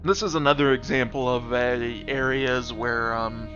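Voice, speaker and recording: A man gives casual stream commentary on a game he built, talking it through in a chatty, explanatory way. His voice sounds bright and forceful. He drops in frequent fillers as he goes. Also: medium pitch, normal speed, lo-fi sound, faint music behind. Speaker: game developer hosting a stream.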